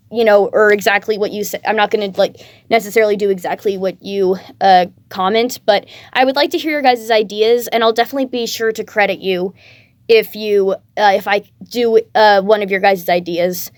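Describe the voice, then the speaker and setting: A woman's voice: mid-range voice, steady tone, moderate pace, dry recording. A tired woman casually chatting to her viewers, rambling with lots of fillers, her voice cracking a bit. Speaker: fan-fiction creator.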